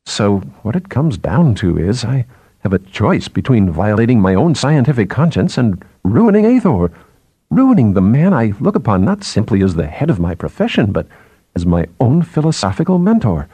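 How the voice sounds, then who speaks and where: A troubled, pleading astronomer, as a male narrator puts him on, his husky voice climbing into high, strained peaks as he frets over his old mentor. The delivery swings widely in pitch and sits close and dry. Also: sing-song, moderate pace, mellow, no room sound. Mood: anguished. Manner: distressed, pleading, voice rising high.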